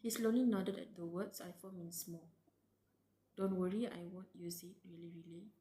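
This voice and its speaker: A woman's voice: fairly low pitch, steady tone, moderate pace, dark tone, roomy sound. A woman streamer reading a story aloud live, tearful and reacting emotionally between read lines. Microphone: close desk mic.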